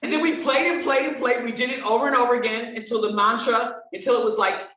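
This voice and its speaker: A woman guest telling a story in an interview, animated and acting out the dialogue. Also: fairly high pitch, fast, distant mic, noisy background. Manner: animated, expressive storyteller who acts out dialogue. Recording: roomy sound, from off-mic.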